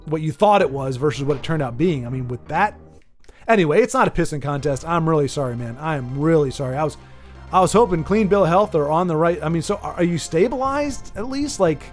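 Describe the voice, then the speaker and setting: An American man talks casually to his stream audience, starting sentences over and wandering between topics. His voice sits a touch higher than most men's. Faint music plays in the background. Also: animated, fairly quick. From United States. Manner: rambling, many restarts, sympathetic. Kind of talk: casual chat with viewers.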